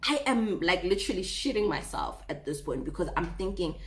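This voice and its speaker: A woman in her twenties telling a casual storytime vlog, animated and dramatic. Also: lowish voice, a little fast. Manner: animated, dramatic, mixes in Setswana phrases. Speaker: vlogger.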